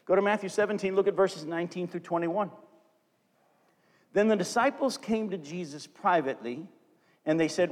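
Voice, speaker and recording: A man's voice: sits high, normal speed, pauses often. A man preaching a sermon to his congregation, reading scripture aloud and acting out the quotes with animation. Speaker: pastor. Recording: long hall reverb.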